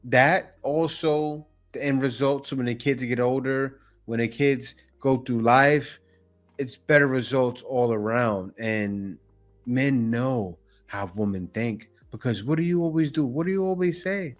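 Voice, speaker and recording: A man hosting a reaction video, giving lively, mocking commentary on clips and repeating himself as he builds a point. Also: mid-range voice, measured pace, faint music behind.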